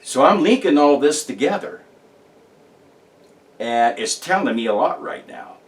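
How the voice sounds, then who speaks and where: A man's voice: fairly high pitch, very animated, measured pace, distant mic. A man talking casually about his paranormal research, rambling and emphatic, with many restarts and fillers. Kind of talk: casual monologue to camera.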